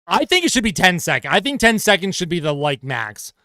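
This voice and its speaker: A man's voice: high voice, sing-song, a little fast, bright, forceful tone, no room sound, clean studio sound. A man streaming live fan reaction and play-by-play commentary, swearing and ranting about calls. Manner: exasperated, swearing, rants at calls.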